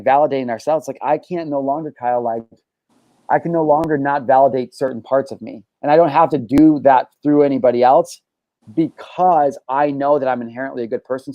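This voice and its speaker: A man's voice: medium pitch, mellow, no echo, highs cut off. A man hosting a podcast, talking candidly and emphatically, swearing often and restarting his sentences. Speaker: show host.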